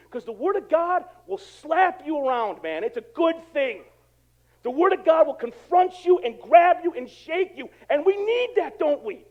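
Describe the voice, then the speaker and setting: A male pastor preaching a sermon in a casual, conversational way, swinging from quiet asides to loud emphatic bursts. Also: very high voice, lo-fi sound. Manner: animated, conversational preaching with dramatic swings in volume.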